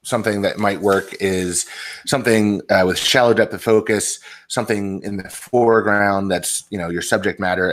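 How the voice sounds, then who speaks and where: Male podcast co-host, very low voice, easygoing chatter. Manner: relaxed, chatty with fillers. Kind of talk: casual podcast chat.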